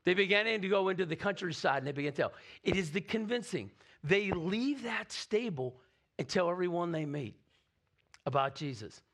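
Pastor guy preaching, kinda high voice, chatty and animated, keeps asking "right?". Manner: animated, conversational preaching with frequent "right?" asides. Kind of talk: sermon.

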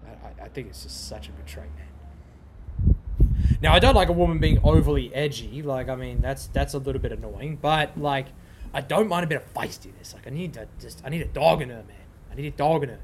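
A man's voice: mid-range voice, fairly quick, noisy background. A young man hosting a podcast, talking in a loose, profane, rambling way that repeats itself and wanders off on tangents. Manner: profane, repetitive, goes off on tangents. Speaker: podcast host. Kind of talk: casual rambling monologue.

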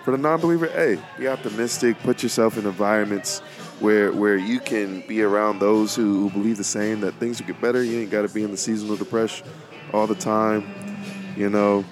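Young man, low voice, rambling casual faith talk, repeats himself, informal slang, faint music underneath. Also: fairly even intonation, brisk. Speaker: podcast host. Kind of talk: casual faith-based monologue.

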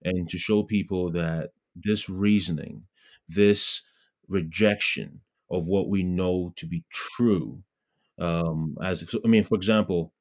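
Low-voiced guy from ghana, earnest, lots of ums and restarts. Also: fairly even intonation, slow. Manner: earnest, many fillers and restarts. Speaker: guest, pro-life blogger. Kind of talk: casual interview talk.

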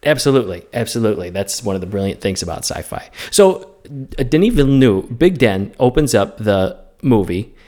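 Opinionated man co-hosting a film podcast. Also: lowish voice. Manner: opinionated, animated film talk with quick asides. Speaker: podcast co-host. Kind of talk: casual chat.

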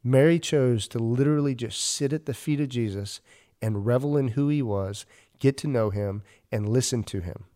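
Guy preaching casual and earnest, lots of ums and restarts, middle pitch. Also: moderate pace, mellow. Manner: earnest, conversational, many fillers and restarts. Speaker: ministry leader and podcast host.

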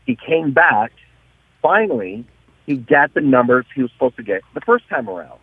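Guy calling into a radio show, husky voice, tinny phone sound, dry. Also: medium pitch, moderate pace, no room sound. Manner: animated storyteller, many restarts. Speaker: guest, dyno shop owner. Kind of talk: casual radio interview.

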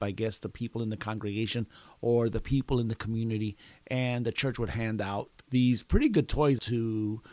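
A man's voice: mid-range voice, darkish tone, no room sound. Chuckling man hosting a podcast. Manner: chuckles often between sentences; self-deprecating, rambling with restarts. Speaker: podcast host. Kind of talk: casual storytelling monologue.

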